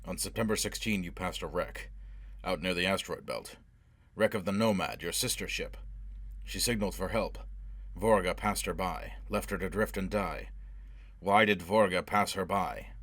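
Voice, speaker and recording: Low-voiced narrator as a relentless avenger, harsh, pushing, audiobook. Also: male voice, normal speed, fairly bright tone, no echo. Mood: demanding. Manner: harsh, driving interrogation. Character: brutal, obsessed man hunting for revenge. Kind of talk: audiobook character voice.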